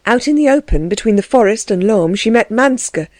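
A woman reading a novel aloud as narrator in measured, even storytelling. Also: a little high, no room sound. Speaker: audiobook narrator. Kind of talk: scripted narration.

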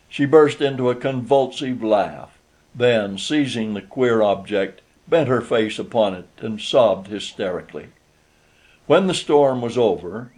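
A man narrating a story aloud in a steady, measured audiobook reading. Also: lowish voice.

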